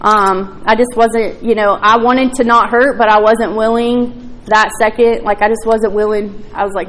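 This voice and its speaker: A woman gives her personal testimony at a recovery meeting, speaking frankly and swearing freely as she tells her story. Her voice sits a little high, and a faint room ambience hums behind her. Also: flat delivery, measured pace, fairly bright tone, slight background noise, low-quality recording. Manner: candid and profane, plain storytelling with frequent fillers.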